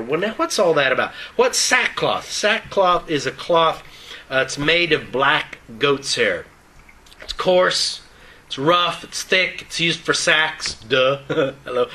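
A man's voice: medium pitch, sharp tone, low-quality recording. An older man preaching in an informal Bible teaching, joking in a folksy way between readings of scripture and speaking around loose-fitting dentures.

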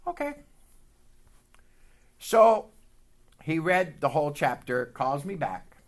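Preacher, male, lively storyteller, slightly high voice, acts out every exchange. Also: takes it slowly. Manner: animated storyteller acting out dialogue. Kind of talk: sermon testimony story.

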